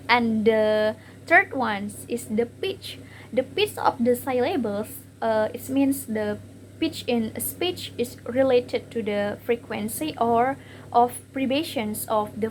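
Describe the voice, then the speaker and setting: A young woman with an Indonesian accent gives a class presentation from slides. She reads haltingly, with many fillers and repeated words. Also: a little high, slight background noise, rough recording. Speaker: student presenter.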